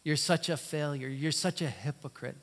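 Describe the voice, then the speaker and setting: A man voicing a sly, taunting male spirit tempter, in slow, low, mocking tones. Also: a bit bright. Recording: long church hall reverb.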